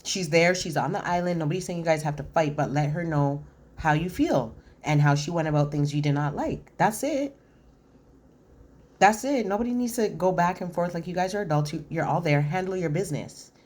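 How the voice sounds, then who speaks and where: A woman's voice: low-pitched, brisk, darkish tone. A woman giving a casual reality TV recap, chatty and opinionated, acting out what people said with lots of "like.". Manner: chatty, acts out quotes with many "like"s.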